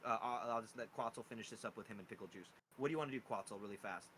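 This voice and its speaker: A man running a tabletop game as game master, animated and quick to laugh. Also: fairly low pitch, a little hiss or hum, poor audio.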